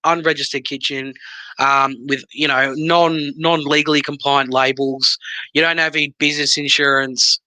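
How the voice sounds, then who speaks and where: Bright, halting man. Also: a little high, little pitch movement, no echo. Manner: halting, many restarts and fillers. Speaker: sauce maker guest. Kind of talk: casual interview.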